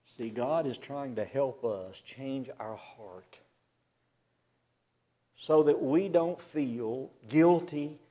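A man preaching a sermon to a church assembly, swinging from loud emphasis to a hushed near-whisper. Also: medium pitch, very slow.

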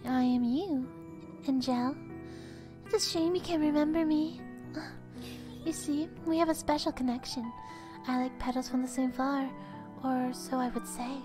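A woman voicing an eerie girl who is the heroine's mirror self, who talks in a calm, insistent way and slips into breathy whispers. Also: sits high, moderate pace, over music, natural voice. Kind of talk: voicing game dialogue.

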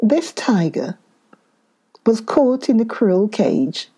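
A woman's voice: mid-range voice, sing-song, takes it slowly, warm tone, slightly rough, pitched above the performer's own voice, heavily acted. A woman doing a pleading old holy man. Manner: pleading, stammering.

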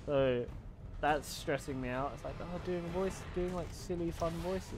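A man's voice: on the high side, unhurried, background noise. A man streaming a video game, chatting casually with viewers, swearing freely and laughing often. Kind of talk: casual gaming stream chat.

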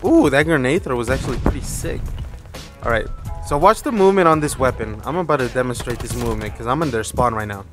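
A young man streaming a shooter game, commentating casually, cursing often and reacting loudly to kills and deaths. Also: mid-range voice, lively intonation, fast. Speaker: gaming streamer. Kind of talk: live gameplay commentary. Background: game music and gunfire.

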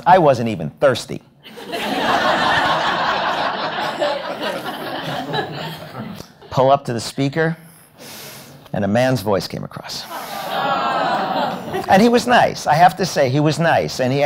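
A man's voice: mid-range voice, slight background noise. A man giving a storytelling keynote talk at a hotel event, acting out the lines of each person in his anecdotes. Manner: animated, acts out dialogue in anecdotes. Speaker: keynote speaker.

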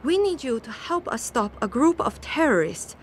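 A woman's voice: sits high, very animated, moderate pace, a little hiss or hum. A woman voicing a poised female corporate agent in a video game, giving a mission briefing in a stiff, formal way with a put-on foreign accent. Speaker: game character.

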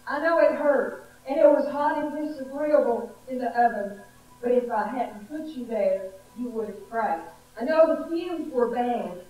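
A woman voicing a calm, patient male potter who speaks quietly and gently. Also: on the high side, close to an everyday voice. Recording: echoey hall from far off.

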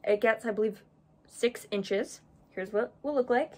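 Setting up an enclosure for her pet, this young reptile-keeping vlogger talks in a relaxed, casual way, though she comes across as apologetic and a bit flustered. She speaks at a moderate pace in a slightly high voice.

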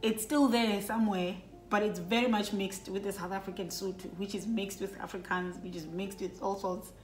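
Middle-aged woman from Lesotho, host, reflective and soft-spoken; echoey room, faint music under. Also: mid-range voice, steady tone, normal speed. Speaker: host, mother. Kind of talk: casual family chat.

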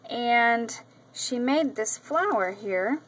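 A woman's voice: on the high side, lively intonation, drawn-out words, a bit bright, low-quality recording. A woman vlogger chatting casually about craft mail she received, gushing often and filling her talk with ums and repeats. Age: adult with a daughter. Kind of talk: casual show-and-tell vlog. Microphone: camera mic.

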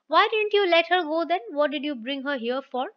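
A woman reading the part of an impatient, indignant wife who fires off sharp demanding questions. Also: high voice, moderate pace, natural voice. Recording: dull lo-fi recording.

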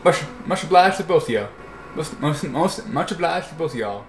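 A man's voice: fairly high pitch, lively intonation, moderate pace, faint music behind. A man putting on a drawling Southern ranch hand. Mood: easygoing. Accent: American Southern, put on. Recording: roomy echo.

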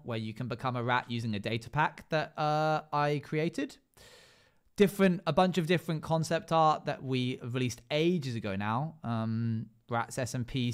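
Smooth-voiced male streamer rattling off lists. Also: medium pitch. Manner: rattles off long lists with many fillers. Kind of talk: casual live-stream chat while gaming.

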